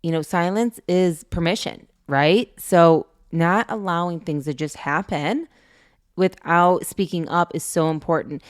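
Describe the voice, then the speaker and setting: Middle-aged woman co-host, chatty, animated storyteller, lowish voice. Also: unhurried, clean tone. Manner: animated storytelling, laughs often. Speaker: podcast co-host. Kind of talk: casual chat.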